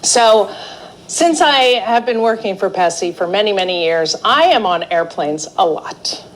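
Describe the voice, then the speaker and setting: A middle-aged woman teaching a live art therapy class, telling a personal story in a chatty, animated way. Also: medium pitch, unhurried, a little hiss or hum, low-quality recording. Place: indoor class or seminar room.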